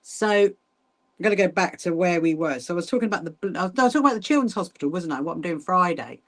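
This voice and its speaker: Middle-aged woman, rambling livestream host, warm-voiced chatter over her hand sewing. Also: fairly low pitch, animated, fast. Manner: chatty, rambling, many restarts and asides; greets viewers by name while hand sewing. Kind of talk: casual livestream chat.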